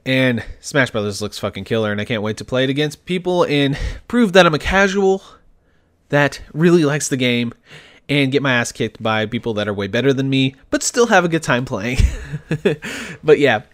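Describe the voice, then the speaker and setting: A man's voice: mid-range voice, moderate pace. Brief: young male podcast host, ranting and fired up, swears freely. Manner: excitable, ranting, swears a lot; laughs between lines. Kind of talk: solo podcast rant.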